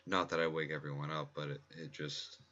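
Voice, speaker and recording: A man giving quiet, rambling casual commentary at home during a game pack opening, often restarting his sentences. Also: a bass voice, level tone, a little fast, dull audio. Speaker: gaming video creator. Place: home room at night next to a laptop. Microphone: laptop mic close by.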